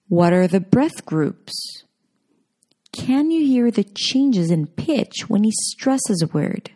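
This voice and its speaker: A woman narrating a scripted pronunciation lesson, speaking clearly and deliberately as she models example sentences. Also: mid-range voice, warm tone. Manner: slow, clear, deliberate demonstrations. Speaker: pronunciation teacher.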